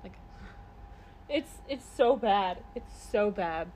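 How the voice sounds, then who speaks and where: A woman co-hosting a casual podcast chat, swearing freely and ranting with animated energy. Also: mid-range voice, slow pace, background noise. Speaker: podcast co-host.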